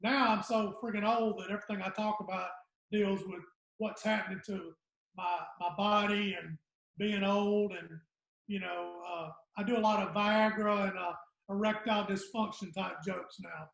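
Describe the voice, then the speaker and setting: A man's voice: sits high, fairly even intonation, moderate pace, gravelly, fairly bright tone. A man, a guest comedian telling rambling stories in casual podcast chat. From Southern United States. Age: 60s. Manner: rambling storyteller, trails off. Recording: echoey room.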